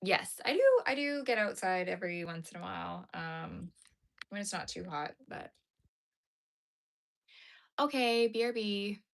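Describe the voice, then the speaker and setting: A woman's voice: medium pitch, lively intonation, unhurried, gravelly, pauses often, a bit bright. A woman chats loosely with her viewers from home. She sounds worn out and yawns often. Her talk wanders with plenty of fillers and restarts. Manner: tired, rambling, yawning, many fillers. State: tired and yawning. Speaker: crochet streamer. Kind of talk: casual live-stream chat. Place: home, talking to a live chat.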